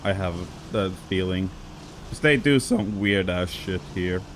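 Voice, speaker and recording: A man's voice: low-pitched, unhurried, a little hiss or hum. A man casually commenting on racing game records on a live stream, rambling with many fillers and an occasional cough. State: coughing now and then.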